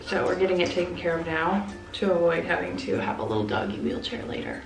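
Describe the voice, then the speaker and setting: A woman's voice: fairly low pitch, lively intonation, fast talker, gravelly. A woman in her thirties chatting casually in a home vlog, talking about her dogs. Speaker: vlogger. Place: home, indoors and yard. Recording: echoey room with music bed.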